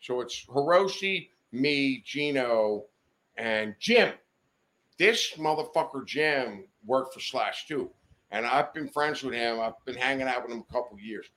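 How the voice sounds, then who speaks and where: Older man telling wild stories, very animated. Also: medium pitch, unhurried. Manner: profane, animated, rambling. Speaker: guest storyteller. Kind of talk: casual chat, storytelling. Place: studio.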